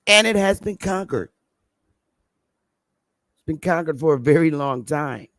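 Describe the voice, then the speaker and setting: A woman's voice: low voice, lively intonation, unhurried, fairly bright tone, no room sound. Emphatic middle-aged woman livestream host. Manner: emphatic, repeats points for stress. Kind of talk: livestream talk to viewers.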